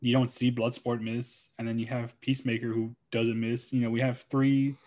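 Man, casual movie chat, rambling, mid-pitched, acts out scenes. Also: moderate pace. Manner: relaxed, rambling, acts out quotes.

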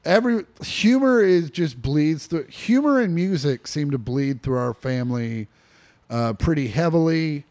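A man's voice: on the high side, expressive, measured pace, a little mellow. Rambling young man on a podcast. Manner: rambling, lots of fillers and restarts, swearing. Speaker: podcast co-host. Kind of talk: casual podcast chat. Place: living room.

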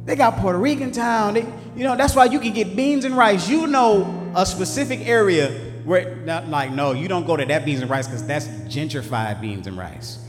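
A man preaching a sermon, swinging between shouted lines and low asides in call-and-response style. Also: animated, moderate pace, hardly any pauses. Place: church sanctuary. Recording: echoey hall with faint music.

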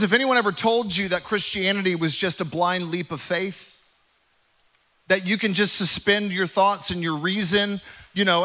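A male pastor preaching a sermon in an animated way, acting out the voices from scripture. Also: sits high.

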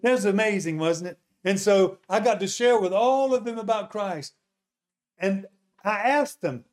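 A man preaching, telling a testimony story as an animated storyteller who asks his listeners questions. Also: high voice, measured pace.

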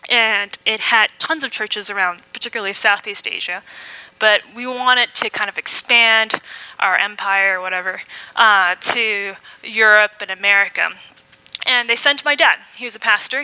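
A woman's voice: mid-range voice, bright, forceful tone, no echo, rough recording. A young adult woman from Malaysia, giving a candid, conversational sermon with frequent ums. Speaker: preacher. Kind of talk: personal sermon with slides.

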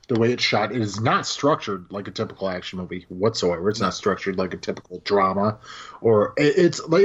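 A man co-hosting a casual film podcast, talking with animated energy, swearing freely and acting out lines from scenes. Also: on the low side, husky, muffled recording. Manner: animated, swears, acts out quotes. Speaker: podcast co-host.

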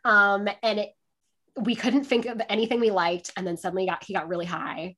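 A woman guest who performs in drag, chatting casually in an interview with lively, swearing storytelling. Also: mid-range voice, fairly quick. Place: sitting by a window, on a video call.

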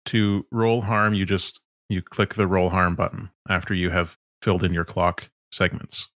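A man running a tabletop game as game master, his voice sitting low. He walks through rules and action with easy, halting explanations. The sound is dull and dry, like an online call. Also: flat delivery, fairly bright tone, no room sound.

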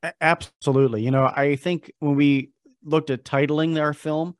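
A man's voice: on the high side, steady tone, moderate pace, no room sound, studio quality. A man, a guest filmmaker, explaining his work in an interview and repeating words as he starts. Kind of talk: interview answer.

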